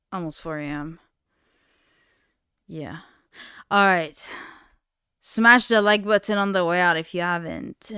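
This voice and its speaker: A woman's voice: fairly low pitch, fairly bright tone, clean tone, dry recording, clean studio sound. A young woman, chatting casually and rambling on her late-night livestream, saying "like" often and swearing lightly. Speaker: live streamer.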